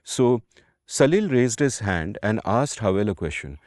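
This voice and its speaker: Animated Indian-accented man telling stories. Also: lowish voice, measured pace, dry recording, studio quality. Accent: Indian English. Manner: animated, digressive, swears casually, mixes in Hindi. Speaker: podcast co-host. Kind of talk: casual storytelling chat.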